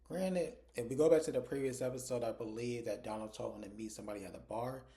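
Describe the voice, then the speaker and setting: A man's voice: medium pitch, fast talker, mellow. A man casually recapping a TV drama episode as a reviewer, retelling scenes and acting out the characters' lines.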